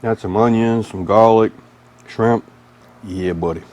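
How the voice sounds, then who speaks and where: Man, Mississippi Southern accent, somewhat low voice, folksy cooking-vlog host, easygoing chatter. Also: a little slow, a little mellow.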